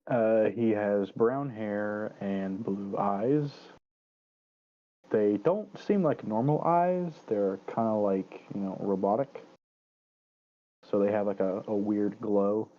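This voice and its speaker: A man narrating a tabletop game as dungeon master, in a relaxed, casual manner. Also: fairly low pitch, slow, phone-quality sound.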